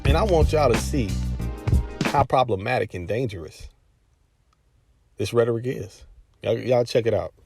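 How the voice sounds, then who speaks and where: A man's voice: medium pitch, expressive, moderate pace, creaky, long pauses, darkish tone, breathy edge. A man hosting an opinion commentary, preachy and emphatic, with a sing-song cadence and repeated phrases. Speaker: commentary channel host. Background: music bed.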